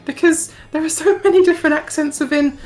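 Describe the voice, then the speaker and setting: A woman's voice: high voice, steady tone, brisk, a little mellow. A woman with a mixed Yorkshire and South African accent, co-casting a live game tournament, giggling and rambling as she loses her words. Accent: mix of Yorkshire and South African. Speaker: tournament co-caster.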